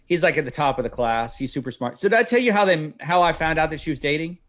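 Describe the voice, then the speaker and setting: A man's voice: fairly high pitch, lively intonation, fast, fairly bright tone. A middle-aged man hosting a podcast, telling a family story in casual chat and acting out the dialogue. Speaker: podcast host.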